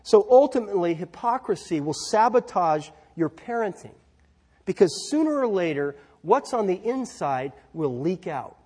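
Husky, high-pitched preaching man. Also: very animated, moderate pace, darkish tone. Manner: conversational preaching, asides and rhetorical questions. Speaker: pastor. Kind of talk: sermon. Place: church.

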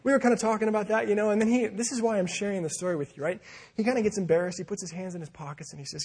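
Husky, high-voiced man telling a sermon story. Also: rapid-fire. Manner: animated, acts out quoted voices. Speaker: preacher.

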